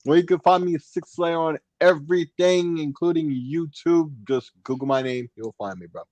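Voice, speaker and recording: A man's voice: a little high, normal speed, darkish tone, dry recording. A man joining a gaming stream as a guest, laid-back in casual chat.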